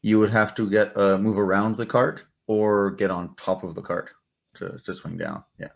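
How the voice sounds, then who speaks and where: Man, game master, low voice, hesitant, filler-heavy, tabletop game. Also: fairly even intonation, moderate pace, creaky.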